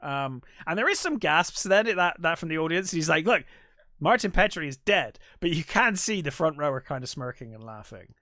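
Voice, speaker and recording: In a clean studio recording with no room sound, a man co-hosting a podcast casually retells a film's plot, rambling through it with plenty of fillers and restarts. His voice is a little high, pushed and bright, with big pitch swings, and he talks a little fast with few pauses.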